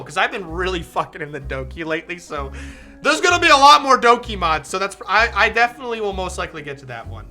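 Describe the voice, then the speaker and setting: A streamer chatting with viewers and reading a visual novel aloud, excitable and swearing freely. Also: mid-range voice.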